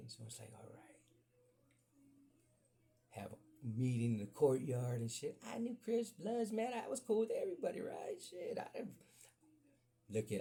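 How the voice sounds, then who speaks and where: A man hosting a podcast, telling a profane, animated story in casual talk that jumps up high when he gets excited. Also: creaky. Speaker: podcast host.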